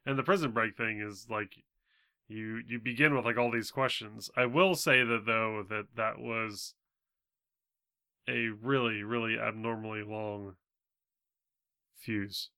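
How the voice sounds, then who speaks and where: Male panelist, smooth bright tone, dry mic, thoughtful and hesitant. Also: on the low side, fairly even intonation, measured pace, long pauses, no room sound. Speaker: podcast co-host. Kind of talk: casual chat.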